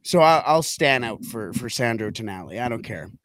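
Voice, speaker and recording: A man co-hosts a laid-back football betting podcast, wandering through his picks with frequent restarts and repeated words. His mid-range voice swings widely in pitch, moving at a moderate pace with a fairly bright tone, and the recording is dry.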